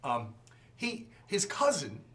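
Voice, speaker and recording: A man teaching a Sunday school class, animated and joking, acting out quotes as he goes. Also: on the high side, takes it slowly. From from outside the region. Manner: animated, jokes and acts out quotes.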